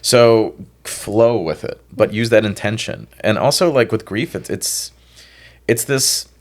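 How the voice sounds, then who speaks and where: Male life coach, very low voice, laid-back and reflective, conversational podcast guest. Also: unhurried. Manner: relaxed, reflective, uses filler "like" often. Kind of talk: casual podcast advice.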